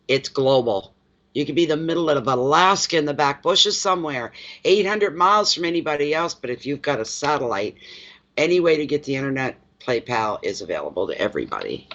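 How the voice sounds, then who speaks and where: A man from eastern Canada hosts a tarot-reading livestream, chatting casually and ramblingly with viewers and laughing easily. His voice is on the high side with a fairly bright tone, and the livestream audio is dull and lo-fi.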